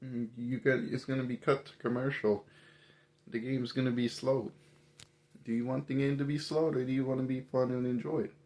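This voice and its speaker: A man's voice: medium pitch, flat delivery, normal speed, a little mellow. Exasperated man ranting about sports. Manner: exasperated, emphatic, rhetorical questions. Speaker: commentator. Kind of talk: casual opinion rant.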